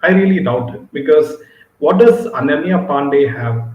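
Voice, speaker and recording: A man's voice: on the high side, animated, moderate pace, narrow, tinny audio. Hesitant questioning man in a roomy room. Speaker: guest. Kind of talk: casual discussion.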